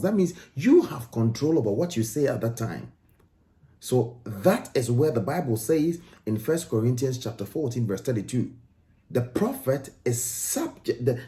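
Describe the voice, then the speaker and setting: Emphatic man, lively pitch. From Ghana. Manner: emphatic, repeats phrases for stress. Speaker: video commentator. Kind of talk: commentary on video clips.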